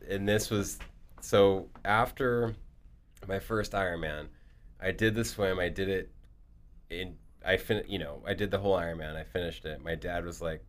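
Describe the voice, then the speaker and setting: A middle-aged man telling stories in casual chat, animated, acting out quotes and dropping to a hushed voice for tense moments. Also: low-pitched, normal speed. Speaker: guest.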